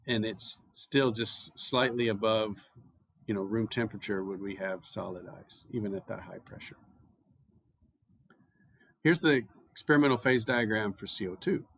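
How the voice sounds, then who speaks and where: A man's voice: lowish voice, dry recording. American man giving a chemistry lecture. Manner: relaxed, anecdotal explaining with filler words. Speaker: chemistry professor. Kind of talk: university lecture.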